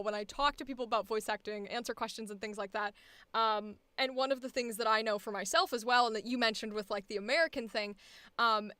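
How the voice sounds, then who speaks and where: A woman's voice: a little high, bright, forceful tone, clean tone, no room sound. Rambling, swearing female voice coach. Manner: rambling, swears freely, laughs often. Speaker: voice acting coach, host. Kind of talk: casual coaching chat.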